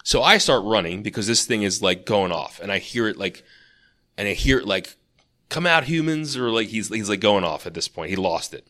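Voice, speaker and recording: Male podcast co-host, low voice, loose rambling storyteller in casual chat. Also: fairly quick, sharp tone. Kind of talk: casual chat, telling a dream.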